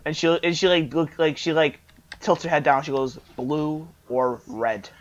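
A young man co-hosts a podcast, his voice a little high and brisk as he tells a story in casual chat. He's an animated storyteller who acts out the dialogue, and the audio has a dull, lo-fi quality.

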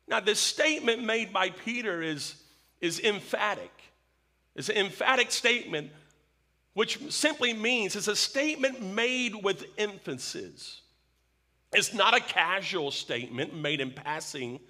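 A man preaching an evening sermon in a high voice, each point laid down slowly. He is emphatic and repeats his questions for effect, leaning on key words. The tone stays bright and clear throughout. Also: animated. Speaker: pastor.

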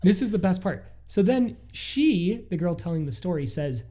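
A man's voice: sits high, animated, moderate pace, dark tone. A man co-hosting a casual podcast, retelling listener stories with incredulous animation. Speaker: podcast co-host.

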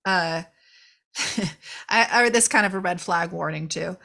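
This woman's voice is lowish, gravelly, and sharp, and she speaks a little slowly. On her podcast she reviews a movie in casual conversation, acting out characters with laughter and swearing.

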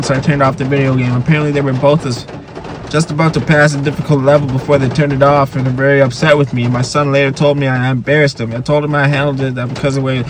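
A man's voice: medium pitch, a little hiss or hum. A man hosting a solo comedy podcast, reading posts aloud and ranting at them with heavy profanity, sounding tired. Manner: profane ranting and yelling at the stories. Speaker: podcast host.

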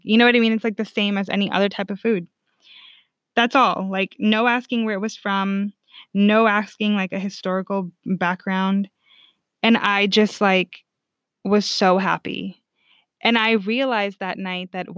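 A woman's voice: medium pitch, fairly even intonation, moderate pace, fairly bright tone, no room sound. A young woman telling a personal story candidly, swearing freely and leaning on "like" as a filler. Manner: frank, profane, heavy on "like" fillers. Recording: dull, lo-fi dry recording.

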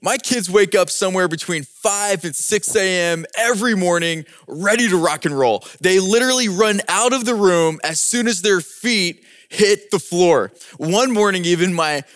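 A man giving a prepared talk, telling an animated story and posing rhetorical questions. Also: high-pitched, normal speed, hardly any pauses, no echo, clean studio sound. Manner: animated storyteller acting out scenes.

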